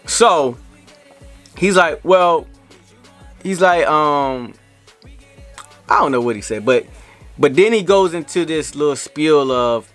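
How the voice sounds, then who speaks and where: Animated man ranting about being scammed. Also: a little high, takes it slowly, pauses often, faint music behind. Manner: animated, repeats himself, indignant retelling. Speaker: vlogger. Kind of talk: storytime rant to camera.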